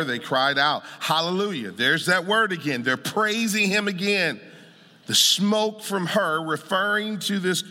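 A man preaching a sermon as pastor, emphatic, swelling into shouts and a sung, rhythmic cadence. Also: medium pitch. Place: church sanctuary. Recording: long church hall reverb.

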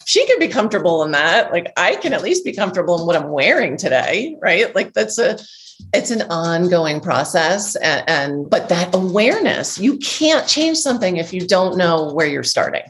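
A woman's voice: on the low side, a bit bright. A woman hosting a casual conversation, a coach who affirms her guest and thinks aloud with frequent restarts. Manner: affirming, thoughtful, restarts often. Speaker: host and coach.

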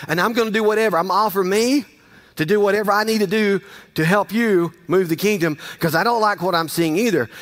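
A man's voice: high-pitched, fairly quick, a bit bright. A man preaching a sermon in a folksy, conversational way, repeating phrases for emphasis. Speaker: pastor.

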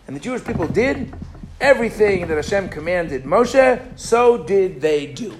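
Lively high-voiced male teacher, echoey room. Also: moderate pace, a little hiss or hum. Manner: lively, animated storyteller, asks the class questions. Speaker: Torah teacher. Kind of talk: storytelling lesson to a class. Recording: echoey room with faint ambience.

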